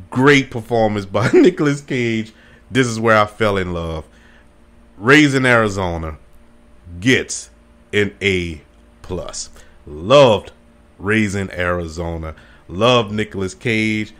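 A man's voice: fairly low pitch, lively intonation, slow, long pauses, a bit bright. A man hosting a solo podcast, rambling and enthusiastic, laughing often as he talks. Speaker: podcast host. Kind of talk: casual solo podcast chat.

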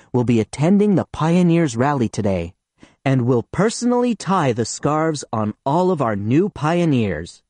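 A man's voice: fairly high pitch, darkish tone, no room sound. A man voicing a strict female Soviet schoolteacher in an audiobook, sweetly polite one moment and sharply stern the next. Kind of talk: audiobook reading.

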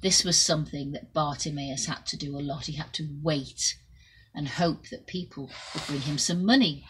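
A woman telling a Bible story to children in an expressive way, shifting between loud and soft. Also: sits low, slight background noise, low-quality recording.

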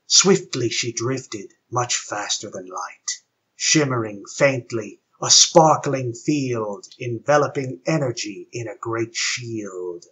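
Slow husky man reciting rhymed verse. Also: mid-range voice, animated, a bit bright. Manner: measured, storytelling cadence. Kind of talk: rhymed poem narration. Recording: dull lo-fi with faint guitar.

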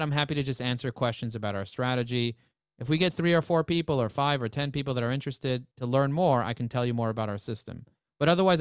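A man presenting a live webinar, talking in energetic, joking sales patter. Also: mid-range voice, smooth, dry recording, clean studio sound.

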